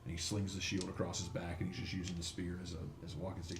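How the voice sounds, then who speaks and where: A man's voice: low voice, completely flat delivery, fast talker, hardly any pauses, background noise. A man running a tabletop game as game master, narrating loosely with many fillers. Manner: loose, laughing, lots of fillers. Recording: echoey room, faint ambience.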